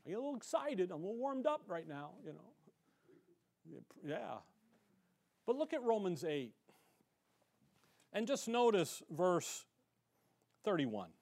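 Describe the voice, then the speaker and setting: A man preaching an animated sermon as pastor, swinging between loud emphasis and quiet asides, self-described as getting excited. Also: high voice, a little slow, gravelly, pauses often. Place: church sanctuary.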